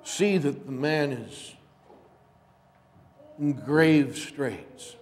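Slow-spoken pastor in a reverberant church. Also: male voice, on the high side, darkish tone. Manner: slow, measured storytelling delivery. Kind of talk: sermon. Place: church sanctuary.

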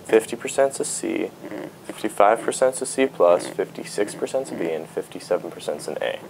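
A man's voice: fairly low pitch, animated, brisk, creaky, background noise. A man giving casual, joking commentary as he plays a video game. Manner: joking, riffs and sings along. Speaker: let's play gamer.

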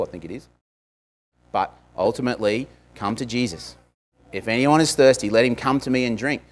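A man, a pastor, giving a conversational sermon, with frequent asides to the congregation. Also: fairly low pitch.

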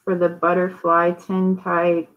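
Slow-talking chatty woman selling live. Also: lowish voice, completely flat delivery, highs cut off. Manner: chatty, rambling, addresses viewers by name. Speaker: host of a live online sale. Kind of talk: casual live-stream selling.

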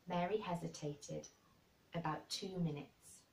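A woman reading a classic children's novel aloud in an expressive storybook manner. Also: on the low side, a little slow, gravelly. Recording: roomy and distant.

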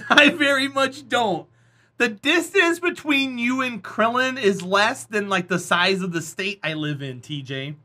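Bright, high-voiced man chatting on stream. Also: measured pace. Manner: joking, teasing, laughs often. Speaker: live streamer. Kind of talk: casual live-stream chat with viewers.

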